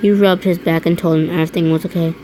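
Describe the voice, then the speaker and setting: A woman's voice: on the low side, steady tone, fast, dark tone, slight background noise, low-quality recording. A woman reading fan fiction aloud, often stumbling over words and restarting lines. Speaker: reader.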